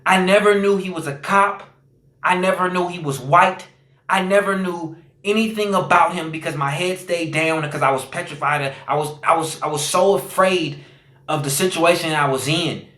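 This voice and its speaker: A man's voice: fairly high pitch, normal speed, sharp tone, roomy sound. A man telling his own story as a podcast guest, earnest and repetitive, with lots of "like" and "you know". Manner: earnest, repeats phrases, many fillers. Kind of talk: personal storytelling.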